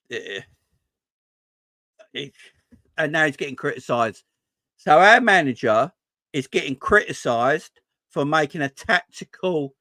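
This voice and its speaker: On the high side, bright and forceful, a man's voice carries a casual football rant with no room sound; he hosts a fan channel. Frustration leaves him exasperated, cursing, stumbling over words and repeating himself.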